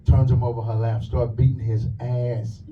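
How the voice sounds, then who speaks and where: A man doing a stand-up comedy set in a club, telling crude, punchy stories with quick asides. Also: mid-range voice, flat delivery, distant mic, lo-fi sound, a little hiss or hum. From lives in the USA.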